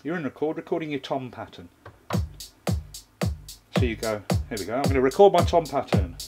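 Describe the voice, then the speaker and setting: A man talks through a hands-on drum machine tutorial at an ordinary middle pitch, explaining each step as he presses pads and buttons. Faint drum pattern playback runs quietly behind him. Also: animated, a little fast, music in the background. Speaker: music gear reviewer.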